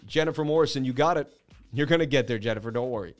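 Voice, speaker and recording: A man's voice: mid-range voice, a little fast, soft background music. A man in young adulthood hosting a crypto livestream, delivering a fiery, preachy rant full of repeated slogans. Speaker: livestream crypto market host. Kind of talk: impassioned live rant.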